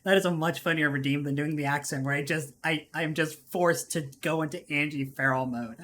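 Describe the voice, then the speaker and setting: A woman's voice: low voice, steady tone, fairly quick, a bit bright, a little hiss or hum. Casting: woman VTuber, casual live-stream chatter, rambling, giggly. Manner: rambling, laughing, self-interrupting.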